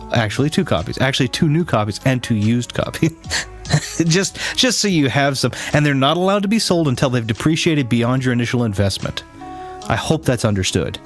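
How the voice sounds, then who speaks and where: A man chatting casually on a live stream, rambling with many restarts and fillers, teasing his chat now and then. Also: medium pitch.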